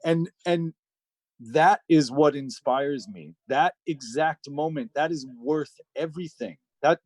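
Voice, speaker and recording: A man's voice: a little high, darkish tone, no echo. Emotional man telling a story. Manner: casual and profane, with many fillers. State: emotional, close to tears. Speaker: guest record producer and engineer. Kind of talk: casual storytelling in an interview.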